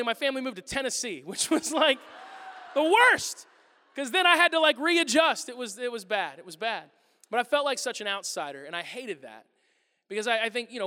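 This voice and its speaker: A pastor preaching a sermon, telling stories with lively acted-out exchanges and loud bursts. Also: male voice, high-pitched. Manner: animated storytelling, acting out exchanges with loud bursts. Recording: long reverb of a large hall.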